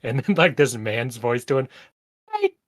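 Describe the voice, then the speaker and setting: A man's voice: medium pitch, moderate pace, fairly bright tone, dry recording. A man co-hosting a podcast in casual chat, blunt and sarcastic, swearing freely. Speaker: podcast co-host.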